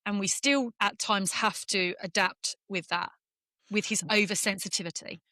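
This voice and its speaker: A middle-aged English woman, a former golfer, talking candidly in an interview and speaking in quick, emotional bursts with restarts. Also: mid-range voice, sharp tone, no echo, clean studio sound. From England. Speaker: former professional golfer, guest.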